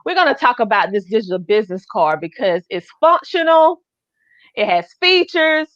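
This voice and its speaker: A woman's voice: on the high side, very animated, moderate pace, a bit bright. A woman with a Southern US accent hosting a live online show, talking in an effusive, enthusiastic way. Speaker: host. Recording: dull lo-fi dry sound.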